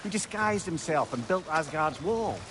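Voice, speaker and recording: A man playing a wry, lively storyteller. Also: on the high side, moderate pace, lightly acted. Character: chatty male storyteller head, wry and lively. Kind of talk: video game cutscene. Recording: game audio with clear ambient noise.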